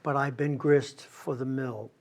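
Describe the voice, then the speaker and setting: A man's voice: medium pitch, steady tone, unhurried, gravelly, darkish tone. A man hosting an interview who asks probing, reflective questions in a conversational way. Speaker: interview host.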